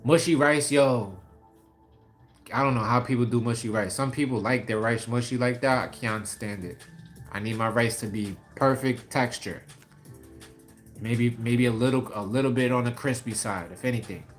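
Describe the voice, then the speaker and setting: A man from New York City with a New York accent, hosting a casual livestream and chatting with viewers in lively slang. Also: mid-range voice, moderate pace, soft background music. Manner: animated, slangy, laughs often, talks to viewers by name. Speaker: livestream host. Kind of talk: casual live chat reading comments.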